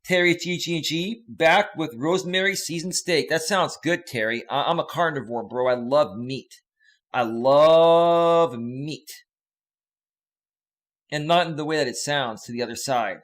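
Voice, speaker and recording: A man's voice: a little high, brisk, few pauses, fairly bright tone. A man hosting a casual live stream as a life coach, joking with viewers and greeting them by name.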